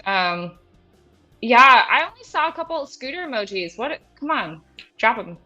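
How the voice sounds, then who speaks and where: A woman co-host chats casually on a live stream, playful and teasing. Her voice is bright and sits a little high. Faint music runs in the background. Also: very animated, normal speed, muffled recording. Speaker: co-host of a paranormal podcast.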